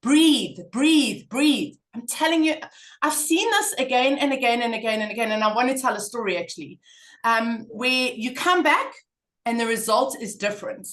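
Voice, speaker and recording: A woman's voice: fairly high pitch, moderate pace. A middle-aged woman speaking in a conversational interview, telling stories with emphatic repetition. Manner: emphatic, animated storytelling with repetition. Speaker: parenting guest speaker.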